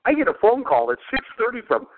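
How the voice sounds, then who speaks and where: High-voiced, rambling man on a tinny line. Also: sing-song, fast. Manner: rambling, laughs often, crude. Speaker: podcast host. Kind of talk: casual chat. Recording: phone-like lo-fi sound.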